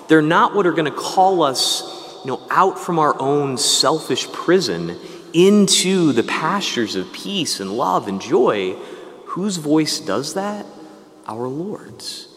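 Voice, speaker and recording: A man's voice: medium pitch, fairly bright tone. A man preaching a homily as a priest, in a casual, conversational way. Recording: long reverb of a large room.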